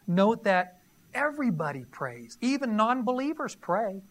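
A man's voice: high voice, animated, a little slow, fairly bright tone. Man, pastor, sermon, emphatic, teasing, asks the congregation questions. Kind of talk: conversational sermon.

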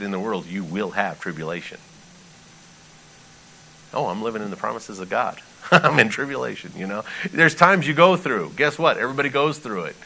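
A man preaching a sermon in an animated, conversational way, reading scripture and pleading with emphasis. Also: on the low side, slight background noise, rough recording. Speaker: pastor.

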